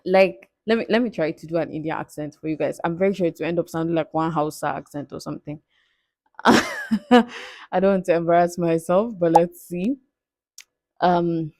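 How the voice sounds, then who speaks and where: In her casual Q&A vlog, a woman in her 20s fields viewer questions playfully and candidly, laughing frequently. She speaks at normal speed in a lowish, darkish voice, recorded at studio quality with no room sound.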